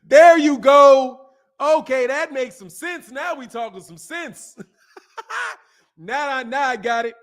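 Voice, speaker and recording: A man with a high-pitched voice, talking casually on a boxing channel stream. He rambles through anecdotes in a loose, slangy way, peppering his talk with "bro" and "man". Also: lively intonation, a little slow, fairly bright tone. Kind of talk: casual live-stream chat.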